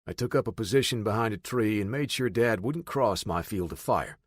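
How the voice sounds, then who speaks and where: Hombre grave narrando audiolibro. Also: male voice, lowish voice, animated, fairly quick, dry recording, studio quality. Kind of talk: first-person audiobook narration.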